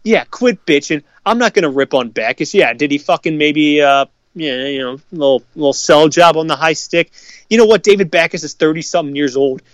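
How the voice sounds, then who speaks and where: Guy ranting about hockey fans, swearing nonstop, kinda high voice, dry close mic. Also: fairly quick, hardly any pauses, no room sound. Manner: heated, profane ranting. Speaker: podcast co-host. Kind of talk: profane sports rant.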